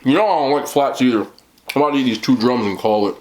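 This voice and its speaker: A man hosting a mukbang, chatting casually while eating, talking in an animated way with loud bursts. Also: mid-range voice, fast talker. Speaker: mukbang host.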